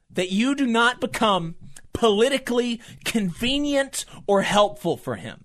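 A talk radio host with a drawl delivers angry political commentary. The voice swings widely in pitch and piles up repeated phrases with impassioned, ranting force. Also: sing-song, a little slow. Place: radio studio.

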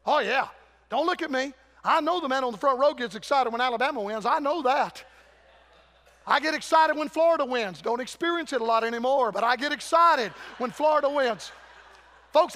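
An older preacher with a strikingly high, ringing voice delivers a fervent revival sermon. His folksy preaching calls out to the congregation by turns, and every phrase trails off into the long reverb of a large church hall. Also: bright, forceful tone. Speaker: guest preacher. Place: church sanctuary.

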